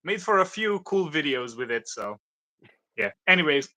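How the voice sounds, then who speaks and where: A man's voice: on the high side, expressive, moderate pace, pushed and bright. A man chatting as a guest on a livestream, joking and laughing a lot. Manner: joking, giggly, hypes the stream. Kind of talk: casual chat on a livestream.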